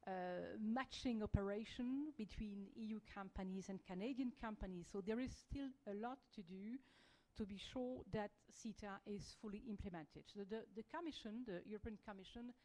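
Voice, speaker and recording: A woman with a French accent speaks on a policy panel. Her delivery is halting, full of fillers and restarts. Her voice sits at an ordinary middle pitch. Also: warm tone, rough recording. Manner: hesitant, many fillers and restarts. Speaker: panelist, EU diplomat. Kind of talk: panel discussion.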